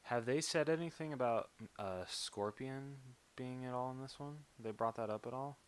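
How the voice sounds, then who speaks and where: A young man co-hosting a podcast, chatting casually with quick joking reactions. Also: medium pitch, clear, resonant tone. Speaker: podcast co-host. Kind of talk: casual chat.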